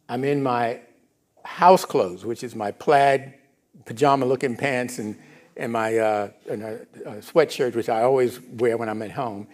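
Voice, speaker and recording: A middle-aged male minister giving a conversational sermon in a church, often asking the congregation if they follow. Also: medium pitch. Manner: casual, animated, asks the congregation if they follow. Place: church sanctuary.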